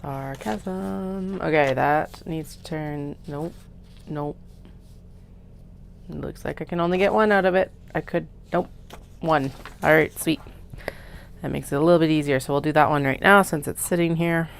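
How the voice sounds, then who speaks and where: A woman's voice: sits low, measured pace, vocal fry, slight background noise. A woman chatting to herself while cutting fabric in her studio, casual and self-mocking. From Canada. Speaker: craft maker. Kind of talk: casual work-along vlog narration. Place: home sewing studio.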